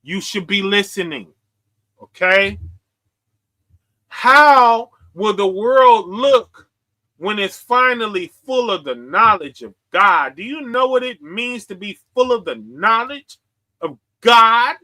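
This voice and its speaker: A man preaching forcefully to his viewers, confrontational and full of slang. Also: extremely high pitch, expressive, takes it slowly. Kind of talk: street preaching livestream.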